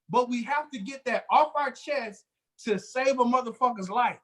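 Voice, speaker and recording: A man co-hosting a casual podcast, telling work stories in a loose, profane, animated way with frequent restarts. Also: extremely high pitch, moderate pace. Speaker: podcast co-host. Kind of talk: casual chat, storytelling.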